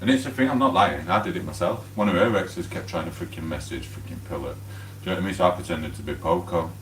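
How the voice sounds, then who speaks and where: A man's voice: low voice, fast. An English man rambling casually on a live stream while he cooks in his home kitchen. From England. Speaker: livestreamer. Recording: echoey room, mic at a distance, faint hum.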